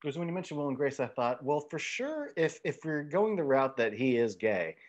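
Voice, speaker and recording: A man's voice: a little high, sing-song, moderate pace, lo-fi sound. A man co-hosting a casual film discussion podcast, speaking hesitantly with repeated false starts. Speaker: co-host.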